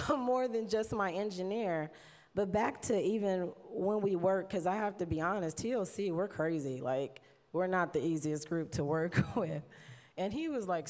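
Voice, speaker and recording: Woman, low-ish voice, chatty heartfelt award speech, teary, big echoey hall. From United States. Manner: warm, chatty, laughs often, mimics others in quotes. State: close to tears. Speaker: award presenter giving an induction speech. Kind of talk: emotional tribute speech at a podium. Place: large hall. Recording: long hall reverb.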